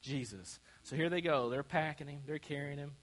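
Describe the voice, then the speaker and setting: A man's voice: a little high, normal speed, a bit bright. A man preaching a sermon in a church, asking the congregation to call out answers. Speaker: pastor. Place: church sanctuary. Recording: long church hall reverb.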